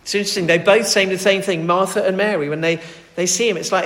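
A man's voice: sits high, steady tone, fast talker, a bit bright. A man preaching a sermon in an earnest, conversational way, often restarting his sentences. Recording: roomy echo.

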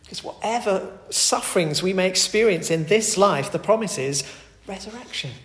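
A man preaching a sermon, earnest, moving between loud emphatic calls and soft, quiet pleading. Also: sits high, lively intonation, moderate pace. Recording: echoey hall with long reverb.

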